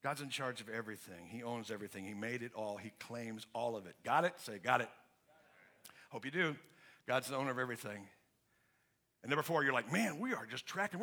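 With a sharp tone and a mid-range voice, a male pastor delivers his sermon conversationally and with emphasis. He frequently starts over mid-thought and invites the congregation to complete his questions.

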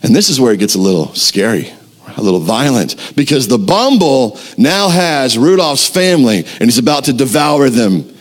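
A young pastor preaches a sermon by telling a story, animatedly acting out the quotes. His voice is mid-range and his speed normal.

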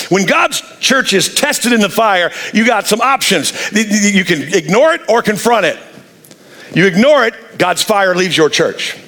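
A preacher in full sermon mode, animated and playful, dropping into acted voices for the figures he quotes. His voice sits high for a man and carries a gravelly edge. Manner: animated, jokey, acts out quotes. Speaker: pastor.

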